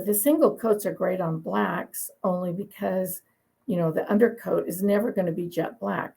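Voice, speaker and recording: A woman's voice: on the low side, gravelly, a little mellow, breathy edge, poor audio. A woman dog breeder being interviewed, telling long, opinionated stories in a chatty way and laughing now and then. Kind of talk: conversational interview storytelling.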